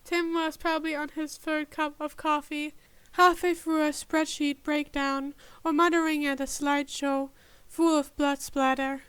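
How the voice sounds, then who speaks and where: A woman reading a fan-written story aloud in a measured, even way. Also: high voice, no echo. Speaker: podfic reader.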